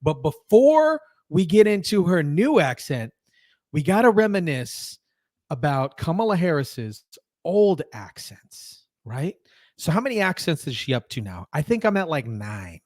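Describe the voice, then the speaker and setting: A man's voice: a little high, sing-song, a little slow, a little mellow, dry recording, studio quality. A man ranting on a commentary vlog, incredulous and mocking, often breaking into laughter. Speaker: commentary vlogger. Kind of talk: excited opinion rant.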